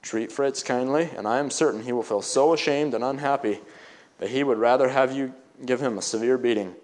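A man voicing a kind grown-up cousin in a read-aloud story, speaking with quiet, gentle counsel. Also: medium pitch, brisk, close to an everyday voice. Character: kindly grown cousin, calm and wise.

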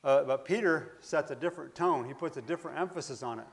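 A man's voice: a little high, quick pace, vocal fry. A man preaching a Bible lesson in a conversational, searching way, reading verses aloud and working through his thoughts. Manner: conversational, searching, with fillers and restarts. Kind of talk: Bible teaching sermon.

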